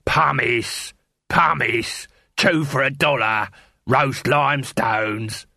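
A man voicing a shifty middle-aged street food hawker with drawn-out, wheedling sales patter. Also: medium pitch, creaky, bright, forceful tone, no room sound, clean studio sound, full character voice.

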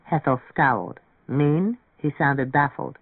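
Man, audiobook narrator, measured, narrow phone-like sound, dry. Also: a little high, no echo. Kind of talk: audiobook reading.

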